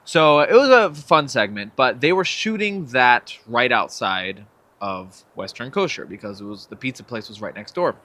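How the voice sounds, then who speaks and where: A man's voice: mid-range voice, normal speed. A young man, a filmmaker and actor, telling stories as a guest in a casual interview, acting out the quotes. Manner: animated storyteller, acts out quotes with laughs.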